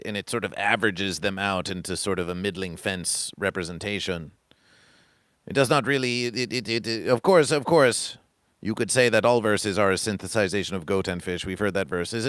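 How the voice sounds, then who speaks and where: Male livestream host, grandiose repetitive sermon cadence, bright tone, dry close mic. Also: on the low side, dry recording. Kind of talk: rambling comic livestream monologue.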